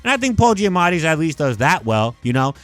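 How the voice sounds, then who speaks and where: Animated young man ranting with lots of "like". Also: fairly high pitch, brisk. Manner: animated, heavy use of "like", emphatic rants. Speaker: YouTube movie commentator. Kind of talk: casual ranking commentary.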